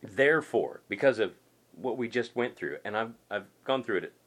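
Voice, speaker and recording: A male pastor delivers a conversational sermon, his pitch rising and falling in a lively, animated way. He is emphatic and folksy, circling back to repeat his points between casual asides. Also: normal speed.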